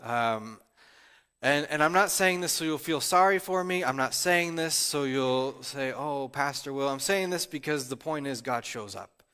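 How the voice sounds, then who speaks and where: A man's voice: mid-range voice, measured pace, pushed and bright, clean tone, long reverb tail. A male pastor gives an emotional, personal sermon. He is close to tears and often restarts his sentences. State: tearful, near crying.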